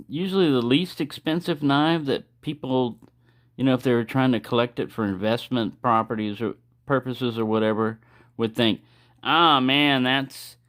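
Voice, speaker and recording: A man talks easily to his own camera at home, wandering off on asides and circling back. His speech is loose and conversational, full of restarts, picked up plainly by the camera's microphone. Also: mid-range voice. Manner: rambling, with frequent restarts and asides. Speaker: knife collector showing his collection. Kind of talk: casual show-and-tell vlog.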